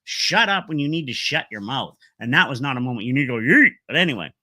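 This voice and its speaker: A man's voice: mid-range voice, lively intonation, fast talker, sharp tone, no room sound. Opinionated man rambling through a recap. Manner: rambling, opinionated, fillers like blah blah and da da da. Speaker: wrestling show reviewer.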